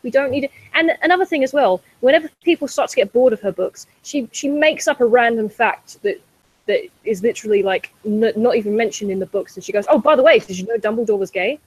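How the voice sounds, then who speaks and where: Ranting sweary woman, slightly high. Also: fairly quick, poor audio. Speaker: podcast co-host. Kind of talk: casual chat.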